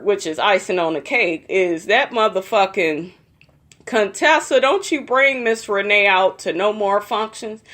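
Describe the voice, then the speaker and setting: A woman's voice: medium pitch, fairly bright tone. A young woman in a casual vlog, gossiping and swearing as she recaps a reality TV episode for her viewers. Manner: profane, gossipy, addresses viewers as y'all.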